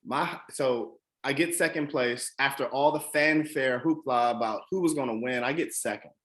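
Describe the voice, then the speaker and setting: A man's voice: mid-range voice, moderate pace, fairly bright tone. A man from the Washington DC area telling a personal motivational story, earnest and emphatic, with frequent ums and restarts. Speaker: motivational speaker.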